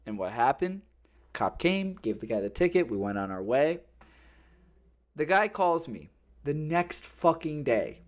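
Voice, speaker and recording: A Florida man hosts a casual podcast, telling stories, cursing freely, and acting out the people and callers he describes. His voice is on the high side and a little slow. The chat is animated and loose.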